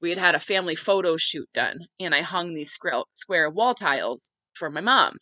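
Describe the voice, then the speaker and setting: A woman's voice: fairly low pitch, lively intonation, moderate pace, bright, forceful tone, no echo, rough recording. A woman hosting a podcast and telling a personal family story in a heartfelt, conversational way, dropping in many filler words. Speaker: podcast host.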